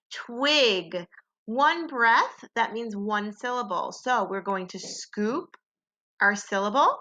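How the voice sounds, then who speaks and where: A woman teaching a phonics lesson to young children, slowly sounding out letters and sounds and asking them to echo her. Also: a little high, bright, forceful tone, lo-fi sound.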